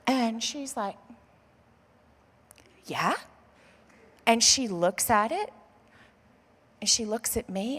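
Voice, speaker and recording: An American woman pastor tells a story from the pulpit, acting out each person's lines in a lively, chatty way. Her voice is high and bright. It rings with the long reverb of a large church hall. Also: slow, pauses often, breathy edge. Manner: animated storyteller acting out dialogue, says "like" often. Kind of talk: sermon storytelling. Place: church auditorium.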